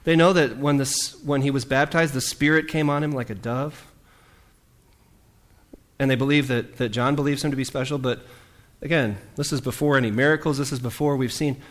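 A man preaching in a casual, talkative way, with a voice of middle pitch. He breaks into little acted-out voices for the people in his story and keeps an easy, chatty tone with his listeners. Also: normal speed. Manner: lively, conversational, acts out quoted lines. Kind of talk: conversational sermon.

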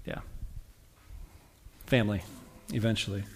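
A man's voice: on the low side, flat delivery, moderate pace, pauses often, slight background noise. A man preaching a sermon in a conversational way, asking his congregation questions and reading scripture aloud with rising emphasis. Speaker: pastor.

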